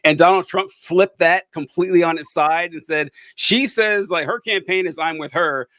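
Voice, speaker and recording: A man's voice: high voice, moderate pace, bright, forceful tone, no room sound. A man co-hosting a podcast, talking politics casually, rambling with fillers and sarcastic asides. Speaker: podcast co-host.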